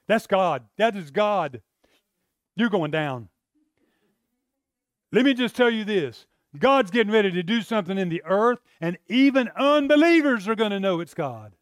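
A male preacher giving a sermon, retelling a story with animated energy that swings between quiet and loud. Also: very high-pitched, no echo, clean studio sound.

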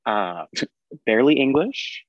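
A man's voice: medium pitch, very animated, takes it slowly, no echo, muffled recording. A man from the United States co-hosting a podcast, chatting casually, agreeable and laughing often. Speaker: podcast co-host. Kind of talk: casual chat.

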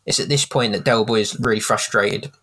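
A man's voice: lowish voice, fairly quick. A man hosting a podcast who casually recaps a TV episode, with lots of ums as he retells scenes. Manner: animated retelling with many ums, often laughing. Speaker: podcast host.

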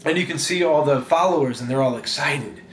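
A man preaching a sermon in an animated, conversational way that often repeats words as he goes. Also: a little high, brisk, echoey room, a little hiss or hum. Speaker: pastor.

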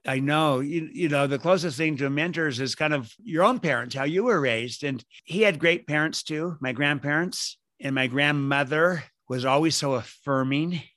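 A man's voice: fairly high pitch, normal speed, hardly any pauses, fairly bright tone, no room sound. Male author guest, earnest storyteller, close dry mic. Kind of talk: podcast interview.

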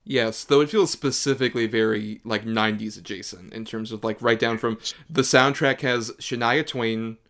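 A man's voice: medium pitch, steady tone, moderate pace, few pauses, a bit bright. A man co-hosting a podcast, talking casually about a movie in a rambling way full of "like" fillers. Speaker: podcast co-host. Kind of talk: casual film chat.

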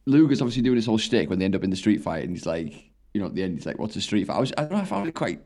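Fast-talking, joking man. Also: fairly low pitch, very animated, a little mellow. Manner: quick, joking, swearing. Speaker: podcast co-host. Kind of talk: casual chat.

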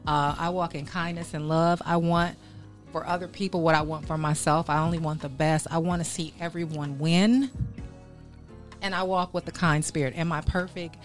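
A woman in casual chat, talking in an emphatic, self-assured way with drawn-out phrases. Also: deep voice, steady tone, soft background music.

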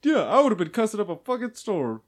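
A young man chatting casually with friends, loud, crude and laughing often. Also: high-pitched, big pitch swings, brisk. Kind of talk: casual profane chat.

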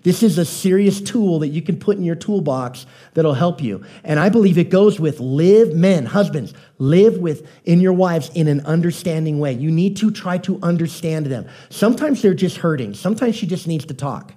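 A male pastor giving a conversational sermon with a mellow, slightly high voice. He tells homely anecdotes and keeps asking his listeners whether they follow. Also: animated, normal speed, few pauses. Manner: folksy storytelling, asks the audience questions.

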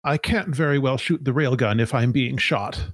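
A man voicing a calm, practical male giant AI ship who speaks in a brisk, matter-of-fact way in a tabletop game. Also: medium pitch, no room sound, clean studio sound, pitched above the performer's own voice, lightly acted.

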